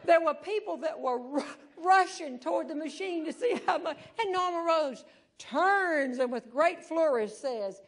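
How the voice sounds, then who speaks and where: An older woman, doing animated humorous storytelling as a stand-up comedian on stage. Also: sits high, unhurried. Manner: animated, acts out voices in her stories. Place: stage before a live audience.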